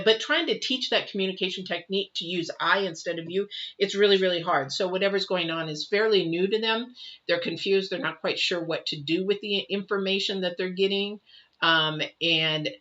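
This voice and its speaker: A woman's voice: on the low side, moderate pace, bright, forceful tone, highs cut off. A woman giving a live tarot reading, talking in a rambling, conversational way to viewers she addresses directly. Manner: rambling, conversational, acts out quoted people. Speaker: tarot reader.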